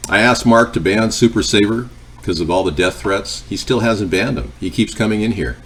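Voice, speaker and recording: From his home kitchen, a man hosts a live cooking stream, rambling between the recipe and replies to viewers in casual chat. His voice is fairly low and he talks at normal speed.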